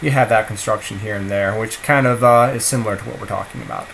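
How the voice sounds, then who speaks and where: A man teaching a video lesson on grammar, explaining in an animated, emphatic way and acting out example sentences. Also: fairly low pitch, fast talker, gravelly, a little hiss or hum, rough recording. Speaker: language teacher.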